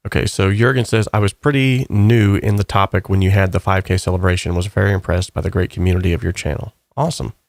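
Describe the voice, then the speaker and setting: Male host, low gravelly voice, dry close sound, casual rambling comment-reading. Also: quick pace, hardly any pauses, no room sound. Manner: rambling, relaxed, upbeat. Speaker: channel host.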